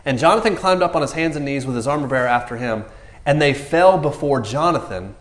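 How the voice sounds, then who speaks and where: A man gives a loose, conversational sermon, his pitch swinging widely as he jokes and acts out the characters in the story. The sound rings in an echoey room. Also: fairly quick. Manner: animated, jokey, acts out characters with raised voices. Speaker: preacher. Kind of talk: casual sermon.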